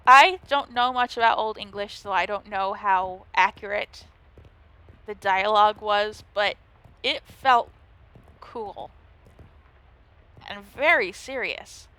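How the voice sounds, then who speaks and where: A woman's voice: mid-range voice, slow, pauses often, pushed and bright, smooth. A woman hosting a let's play, reading the game's narration aloud and chatting playfully between lines. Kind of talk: gameplay commentary, reading game text aloud.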